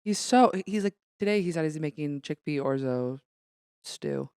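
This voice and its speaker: A woman comedian guesting on a casual podcast, telling stories with lively, bouncy delivery and voiced asides. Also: sits low, moderate pace, clear, resonant tone, dry recording, clean studio sound.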